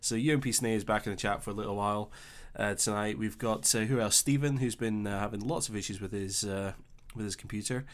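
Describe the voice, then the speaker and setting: A young man with a Scottish accent hosting a casual live stream, chatting easily and reading out viewer comments with relaxed filler pauses. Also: fairly low pitch. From Scotland. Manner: chatty and easygoing, thinking aloud with filler pauses.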